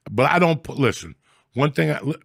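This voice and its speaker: Gravelly, profane man ranting loudly. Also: mid-range voice, a little fast, no echo, clean studio sound. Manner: profane, loud, animated storytelling. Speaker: podcast host. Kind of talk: casual comedic rant.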